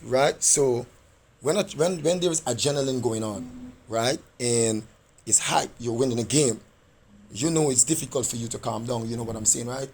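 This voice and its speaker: A man's voice: mid-range voice, normal speed, darkish tone, a little hiss or hum. A man who is a parent and coach, insistently arguing his case in a meeting with school staff and often checking in with "right?".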